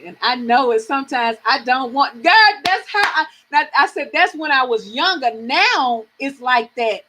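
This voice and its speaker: A woman's voice: sits high, animated, normal speed, few pauses, pushed and bright, slight background noise, poor audio. A middle-aged woman from the American South, hosting a live reading stream and chatting frankly with viewers, swearing freely and laughing often.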